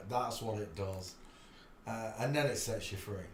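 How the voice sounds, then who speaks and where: A man's voice: lowish voice, measured pace. A man hosting a rambling live stream, chatty and loose, laughing often between asides. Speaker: livestream host. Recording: echoey room, faint background noise.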